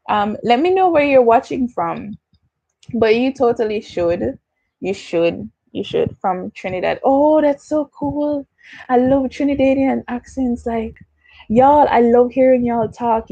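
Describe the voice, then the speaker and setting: A woman's voice: fairly high pitch, mellow, no echo, dull audio. A young adult woman with a Jamaican accent, chatting casually as she hosts a livestream Q&A, slipping into patois and answering viewer comments. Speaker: YouTuber hosting a livestream Q&A.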